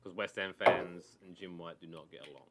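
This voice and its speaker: Low-voiced man rambling about football. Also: fairly even intonation, fairly quick, pushed and bright. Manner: rambling, mocking storyteller. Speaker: podcast co-host. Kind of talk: casual football chat.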